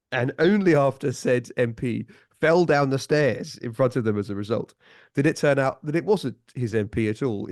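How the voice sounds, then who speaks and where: A man guest on a podcast, telling stories in a lively way and chuckling often. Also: mid-range voice, no room sound, clean studio sound. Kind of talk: casual storytelling chat.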